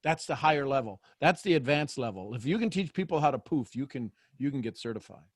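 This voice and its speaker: A man hosting a casual group coaching chat, playful and animated and laughing often. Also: mid-range voice, fast talker, no echo, studio quality. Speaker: host.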